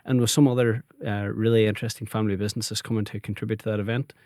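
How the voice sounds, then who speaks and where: A man's voice: fairly low pitch, flat delivery, racing, darkish tone, no room sound, clean studio sound. A Northern Irish man, a business owner, telling stories in a friendly, conversational interview. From Northern Ireland. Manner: friendly storytelling, laughs easily. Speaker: guest, family business owner.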